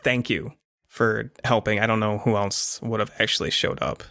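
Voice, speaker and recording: A man's voice: on the low side, level tone, moderate pace, creaky, pushed and bright, no echo, clean studio sound. A man voicing a teasing, streetwise teenage girl in a tabletop game, with a lazy, sly drawl. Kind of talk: tabletop actual-play character voice.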